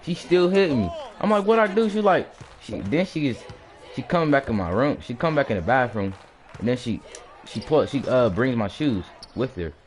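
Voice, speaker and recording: A man telling a personal story in a casual, animated way, often restarting his sentences and acting out the blows with sound words. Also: medium pitch, moderate pace.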